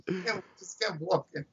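A man's voice: fairly high pitch, fairly bright tone, highs cut off, a little hiss or hum. A man, a podcast guest, chatting and laughing through anecdotes. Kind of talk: casual podcast chat.

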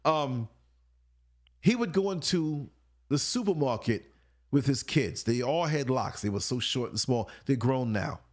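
Animated man telling a late-night story. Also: medium pitch, unhurried. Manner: animated, laughs often, acts out grunts and voices in stories. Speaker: guest on a talk show.

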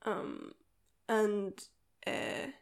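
A woman's voice: mid-range voice, huge pitch swings, very slow, gravelly. A woman who creates and writes a podcast, chatting casually and rambling with many fillers as she answers listener questions.

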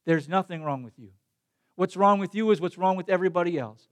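Man, pastor, sermon, high voice, conversational, building to passionate emphasis. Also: fairly quick.

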